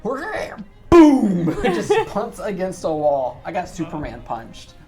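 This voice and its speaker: A woman's voice: fairly low pitch, sing-song, slow pace, over music. A woman playing a tabletop game who mocks her own bad luck in a dry way. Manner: dry, self-mocking. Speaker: player.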